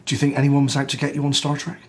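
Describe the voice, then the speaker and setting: A male TV presenter hosting and narrating a comic documentary, excitable and given to whooping shouts. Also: medium pitch, rapid-fire, a little hiss or hum. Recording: narration over loud music.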